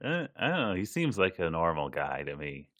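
Woman co-host, very deep voice, wildly swinging pitch, dry quips. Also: big pitch swings, moderate pace, fairly bright tone, no echo. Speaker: podcast co-host. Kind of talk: casual chat.

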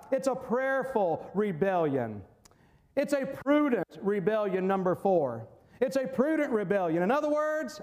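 A man preaching a sermon as pastor, animated, pausing on key words and mocking voices when he quotes. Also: very high-pitched.

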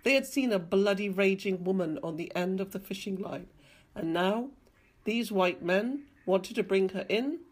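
A woman reading a novel excerpt aloud with expressive narration. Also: medium pitch, normal speed. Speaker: reader. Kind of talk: audiobook reading.

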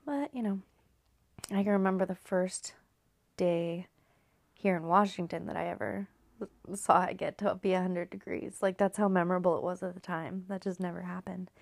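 A woman's voice: on the low side, fairly even intonation, normal speed, gravelly, dry recording. A woman from California chatting loosely through a story recap, rambling and swearing, often sinking into a near-whisper. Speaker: video host recapping a story. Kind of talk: casual recap chat.

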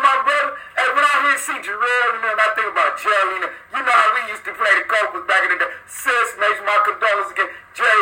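A man's voice: high voice, fast, few pauses, pushed and bright, poor audio. A man hosting a casual live call-in podcast, rambling, swearing freely and greeting listeners by name. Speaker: podcast host.

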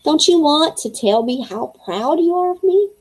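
A woman's voice: high-pitched, lively intonation, normal speed, darkish tone, pitched above the performer's own voice. A woman voicing a blunt, teasing young mummy girl in a storybook reading.

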